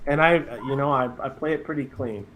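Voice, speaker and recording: A man chatting casually as a guest on a talk stream, laughing often and halting with fillers. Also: medium pitch, a bit bright, a little hiss or hum. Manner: giggly, laughs between phrases, halting with fillers. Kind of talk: casual chat.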